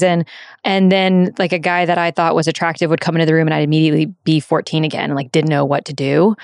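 An American woman in her thirties, a sex and relationship coach, appears as a guest in a candid interview, speaking openly and reflectively with frequent restarts. Her voice sits on the low side with a clear, resonant tone, captured in a dry, studio-quality recording.

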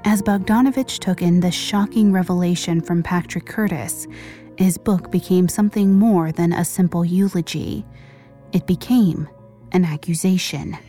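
Lady narrating true crime, slow dramatic pauses, kinda dark voice. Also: lowish voice, steady tone, soft background music. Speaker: podcast narrator.

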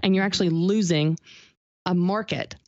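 A woman with a lowish voice speaks at a moderate pace as an interview guest, a business author offering emphatic motivational advice and hammering her main points through repetition. There's no room sound, but the high frequencies are cut off.

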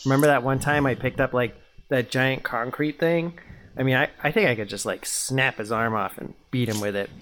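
A man voicing a brash, excitable teenage schoolboy in role-play, rambling and full of "like" and "dude". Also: medium pitch, a little fast, a little hiss or hum, natural voice.

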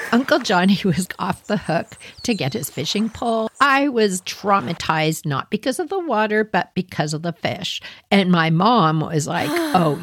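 A woman's voice: lowish voice, slightly rough, no echo, low-quality recording. A woman hosting a podcast, retelling a childhood story in a dramatic way with asides to her listeners. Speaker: podcast host. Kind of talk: personal storytelling.

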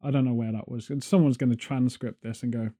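A man's voice: mid-range voice, fairly even intonation, fast, mellow. A British man hosting a podcast, chatting casually and joking as he wanders off on tangents. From Britain. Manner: rambling, jokey, goes off on tangents. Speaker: podcast host. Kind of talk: casual chat.

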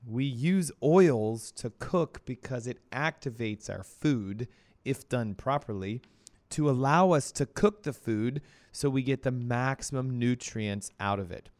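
A man hosting a casual health talk show, hoarse from laryngitis, energetic and chatty. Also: mid-range voice, a little slow. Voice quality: coughing, strained voice. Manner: energetic, chatty, breaks into playful quoted voices. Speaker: radio show host.

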